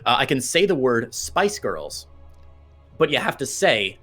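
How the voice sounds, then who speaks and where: Excitable male game commentator. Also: mid-range voice, measured pace, faint music behind. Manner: excitable, jokey banter. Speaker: esports commentator.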